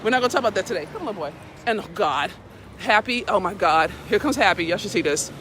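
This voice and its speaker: A woman's voice: medium pitch, quick pace, a little hiss or hum. A woman hosting a casual live stream, talking bluntly and preachily with lots of swearing while walking her dog outdoors. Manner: blunt, profane, preachy and animated. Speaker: live video host.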